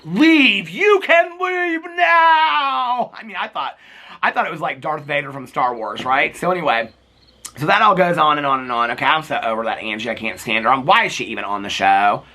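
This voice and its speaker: A man's voice: a little high, pushed and bright. A man chatting casually as a host, gossipy and full of fillers. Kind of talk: casual TV recap chat.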